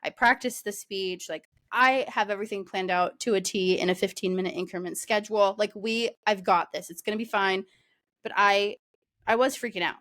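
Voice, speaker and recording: A woman's voice: medium pitch, a little fast, fairly bright tone. A young woman co-hosting a podcast, chatting casually with many fillers and frequent laughter. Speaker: podcast co-host. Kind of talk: casual chat.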